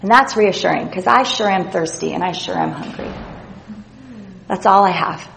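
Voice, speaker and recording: A woman's voice: lowish voice, moderate pace, gravelly, a bit bright, slight background noise, rough recording. A woman giving an earnest, reflective devotional Bible teaching, reading scripture passages aloud as she goes.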